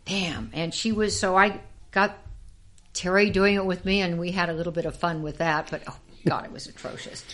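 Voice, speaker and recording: Lively older woman telling showbiz stories. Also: lowish voice, normal speed. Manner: lively storyteller who acts out quoted voices and laughs often. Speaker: interview guest, former actress and dancer. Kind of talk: casual anecdotal storytelling.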